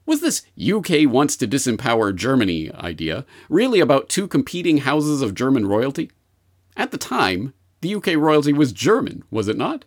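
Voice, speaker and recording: A man hosting a solo podcast, reading listener mail and commenting with sardonic asides. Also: medium pitch. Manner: sardonic, mock-posh asides. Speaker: host.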